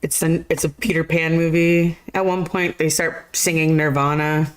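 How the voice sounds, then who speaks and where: A young adult woman co-hosting a casual movie chat, slangy and quick to laugh, swearing freely. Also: deep voice, level tone, low-quality recording. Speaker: podcast co-host.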